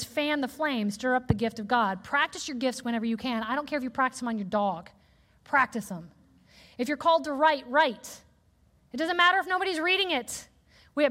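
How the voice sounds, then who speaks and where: High-voiced woman preaching in a reverberant hall. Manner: animated, conversational, acts out quoted voices. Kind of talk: sermon. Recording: long reverb of a large hall.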